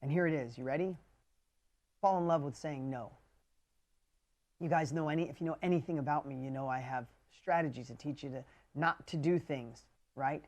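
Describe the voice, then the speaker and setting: A man coaching a live online group in an emphatic, punchy way, swearing casually and swinging between loud urging and quiet intensity. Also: fairly high pitch, normal speed. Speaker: business coach. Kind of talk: motivational coaching livestream.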